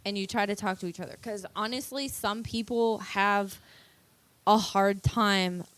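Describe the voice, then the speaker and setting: A woman's voice: medium pitch, steady tone, a little slow, fairly bright tone, dry recording, poor audio. A woman co-hosting a podcast, chatting casually and giving frank relationship advice. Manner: advice-giving, talks over others. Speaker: podcast co-host. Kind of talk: casual chat.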